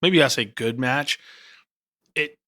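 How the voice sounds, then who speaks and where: A man co-hosting a podcast, giving his opinions in relaxed, conversational chat and thinking aloud as he goes. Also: medium pitch, slow pace, dry recording, studio quality. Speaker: podcast co-host. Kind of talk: casual chat.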